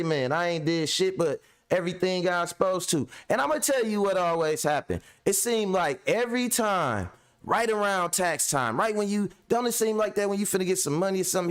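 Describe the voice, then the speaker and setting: A young adult man hosting a podcast, venting angrily about a tenant, swearing heavily and talking in slang. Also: sits high. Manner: heavy profanity, slangy, ranting. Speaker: podcast host and landlord. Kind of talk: angry venting monologue.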